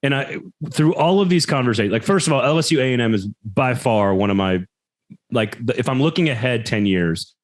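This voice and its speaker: A man's voice: medium pitch, lively intonation, a little fast. An adult man co-hosts a casual sports podcast. He speaks in a reflective, analytical way, working through ideas as he goes, and laughs easily at his co-host's stories. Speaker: podcast co-host.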